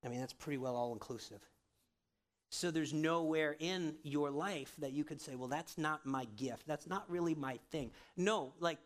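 Male pastor, slightly high-pitched, relaxed conversational sermon delivery. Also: normal speed. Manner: conversational, checks in with the congregation often.

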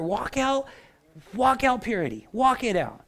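A man preaching a sermon in a relaxed, conversational way, often checking in with the congregation. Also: extremely high pitch, slow pace, pauses often. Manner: animated, conversational, asks the crowd for response. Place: church.

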